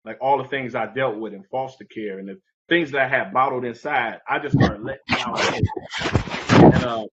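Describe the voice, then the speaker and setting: A man telling a personal story as an interview guest, animated and conversational, acting out the people in it. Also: medium pitch, moderate pace, muffled recording.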